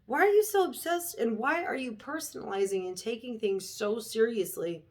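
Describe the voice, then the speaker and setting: A woman's voice: on the high side, lively intonation, moderate pace. Profane, heated woman ranting to camera. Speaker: vlogger. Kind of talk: casual rant to camera.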